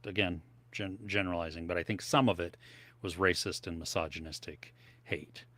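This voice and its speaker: Low-voiced man in casual live chat. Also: steady tone, normal speed, bright, forceful tone. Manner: rambling, tries snacks on air. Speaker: podcast co-host. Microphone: home office setup.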